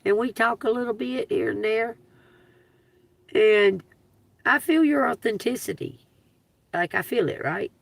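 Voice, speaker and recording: A woman with a gravelly, creaky edge holds forth on a phone livestream. She tells her story in an animated, emphatic way, swearing freely. The sound is close and dry. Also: a little high, measured pace, pauses often, dry recording. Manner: animated, profane, emphatic retelling with laughs. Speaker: livestreaming tarot reader.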